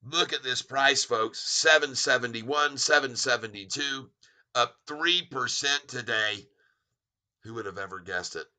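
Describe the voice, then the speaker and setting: A middle-aged man hosting a live stock market stream, calling out share counts and prices in an excited, rapid patter. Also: on the low side. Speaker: stock market livestream host. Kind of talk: live stock-ticker commentary.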